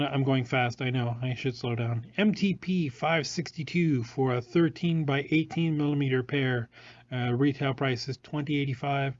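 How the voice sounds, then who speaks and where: A man's voice: mid-range voice, darkish tone, dry recording, dull audio. Rambling man hosting a product showcase. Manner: rambling, with many fillers and restarts. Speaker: jewelry showroom host. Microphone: phone.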